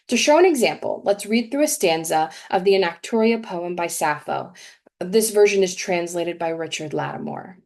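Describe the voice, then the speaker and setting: A young adult woman giving a prepared talk at a congregation service, explaining things in a measured way and reading verse slowly with emphasis. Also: lowish voice. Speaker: guest speaker at a congregation service. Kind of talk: prepared talk read aloud.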